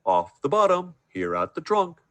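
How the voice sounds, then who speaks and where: A man voicing a friendly, drowsy male bear who talks slowly and heartily. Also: a little high, wildly swooping pitch, a bit bright, no echo, voice pushed up. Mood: jolly.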